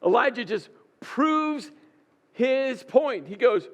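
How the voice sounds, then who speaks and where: Guy pastor preaching, kinda high voice, takes it slow, gets worked up acting out the story. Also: highs cut off. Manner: dramatic retelling, acting out quoted dialogue with rising intensity. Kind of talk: sermon.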